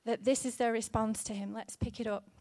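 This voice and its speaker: A woman in her thirties preaching a sermon in an earnest, gently conversational way, with fillers here and there. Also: a little high, fairly even intonation, fairly quick, no room sound, clean studio sound.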